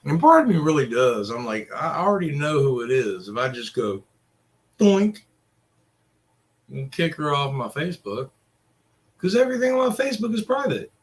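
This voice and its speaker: A man's voice: fairly high pitch, very animated, fairly quick. A middle-aged man, ranting casually in a crude, profane, rambling way. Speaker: vlogger.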